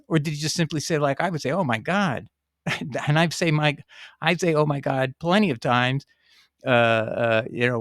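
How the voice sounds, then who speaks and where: A man's voice: a little high, no echo, studio quality. A middle-aged man reading a letter aloud and arguing his point with emphasis and frequent restarts. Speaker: video host answering a viewer.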